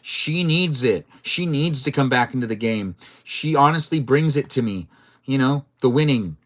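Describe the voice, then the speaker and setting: A man hosts a live game stream, chatting casually and playfully with his viewers as he plays. His voice sits at an ordinary middle pitch. He reacts to the action out loud between reading comments. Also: animated, normal speed.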